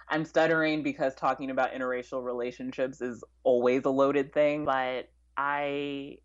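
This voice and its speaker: A woman's voice: sits low, little pitch movement, a little slow, muffled recording. A woman chatting as a podcast guest, talkative, with frequent fillers and restarts. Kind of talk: casual interview chat.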